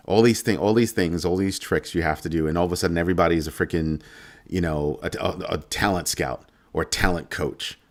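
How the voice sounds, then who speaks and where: A man's voice: sits low, steady tone, fairly quick. A middle-aged man hosting a finance channel, delivering a heated, sarcastic rant with strong emphasis. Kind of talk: ranting monologue.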